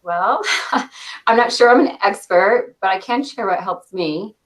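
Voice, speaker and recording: A woman in her thirties, a company director answering interview questions with a quick cadence and frequent light laughs. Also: medium pitch. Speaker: interview guest, product launch director.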